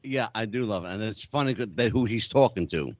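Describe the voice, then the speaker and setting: A man hosting a casual podcast chat, quick to laugh along and jump in with eager interjections. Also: fairly low pitch, no room sound, muffled recording. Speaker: host.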